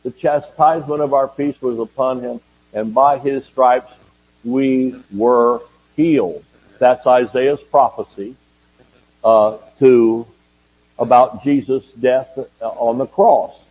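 A man's voice: mid-range voice, steady tone, takes it slowly, husky. A man preaching a sermon as a pastor, asking rhetorical questions, joking and calling for amens from the congregation. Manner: preaches with jokes, rhetorical questions and calls of amen. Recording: dull lo-fi audio.

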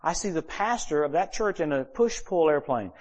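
A man preaching in a church service, with a somewhat high speaking voice. He tells personal stories in an animated way, acting out what people said, and his loudness jumps without warning. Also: moderate pace, lo-fi sound. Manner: animated storyteller who acts out quoted dialogue with sudden shifts in loudness. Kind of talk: sermon storytelling.

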